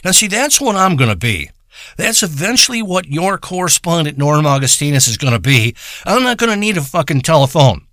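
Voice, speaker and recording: A man with a high-ish, bright and forceful voice spins a rambling comic story. He swears constantly and keeps a crude, deadpan delivery, recorded dry and close. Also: fairly quick, no echo. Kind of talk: rambling comedic monologue.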